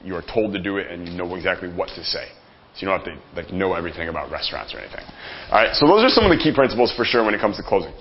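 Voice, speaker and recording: A man's voice: deep voice, sing-song, rapid-fire, highs cut off. A man coaching a live workshop audience on closing sales, talking energetically and joking with the room.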